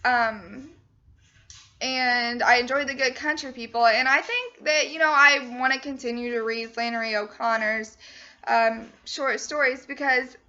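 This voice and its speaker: High, bright-voiced young woman, chatty. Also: highs cut off. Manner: chatty, full of fillers like "you know" and "um". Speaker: student presenter. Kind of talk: casual spoken book summary.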